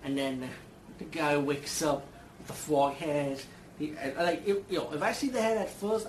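A man with a slightly high voice rambles through a casual film review, peppering it with swearing and restarts. He sounds like he's in a bare, echoey room with a faint hum behind him. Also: normal speed. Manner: rambling and profane, with many fillers and restarts. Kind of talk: casual movie review vlog.

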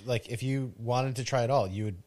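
A man's voice: medium pitch, a little fast, darkish tone. A man co-hosting a podcast in casual chat, teasing and joking with his co-host.

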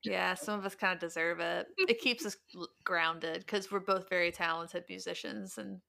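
A woman's voice: lowish voice, moderate pace, vocal fry, bright, forceful tone. A woman co-hosting a casual podcast, blunt and teasing, laughing often. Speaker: podcast co-host. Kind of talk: casual chat.

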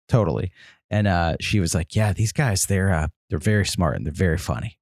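A man in a relaxed podcast chat, speaking in a low voice. He tells his story in a winding, rambling way with lots of ums. The sound is dry and close. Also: normal speed, no echo. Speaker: podcast co-host. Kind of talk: casual chat.

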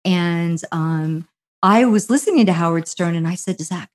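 A middle-aged woman from New Jersey telling a long story as a guest, animated and full of fillers, acting out other people's quotes. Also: fairly low pitch, normal speed. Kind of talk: casual anecdotal storytelling.

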